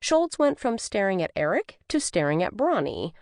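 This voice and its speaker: A woman narrating a cozy mystery audiobook in the first person, with an expressive storytelling manner. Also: medium pitch, moderate pace, no echo, clean studio sound. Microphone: studio microphone.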